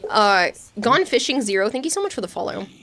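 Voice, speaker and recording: A woman's voice: medium pitch, sing-song, brisk, creaky, a bit bright. A young adult woman streaming, telling stories in a chatty way and laughing often. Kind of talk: casual gaming stream chat.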